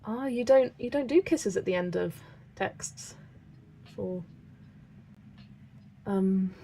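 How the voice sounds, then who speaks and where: A woman's voice: mid-range voice, mellow. A young woman from Wiltshire with a light West Country accent, chatting casually and reading comments aloud as she colours. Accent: West Country English, light. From Wiltshire, England. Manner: chatty, laughs often, reads chat aloud. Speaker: colouring channel host. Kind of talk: casual livestream chat while colouring.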